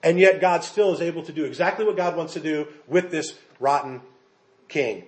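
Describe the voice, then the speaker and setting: An American man preaching a sermon, animated and emphatic, with jokes for the congregation. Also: a little high, moderate pace. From United States. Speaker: pastor.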